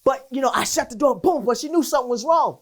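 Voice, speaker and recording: A high-voiced woman tells a story as a guest on a cooking show, punching in sound effects as she goes. She acts out the other people's voices. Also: fast talker. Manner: animated storyteller with sound effects and acted-out quotes. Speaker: guest, world champion athlete.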